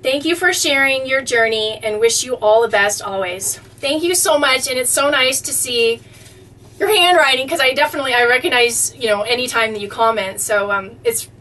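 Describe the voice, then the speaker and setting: A woman's voice: on the high side, normal speed, bright, forceful tone, far from the mic. A woman vlogger reading fan mail aloud in a casual, effusive way, easily touched and often exclaiming. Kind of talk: casual chat.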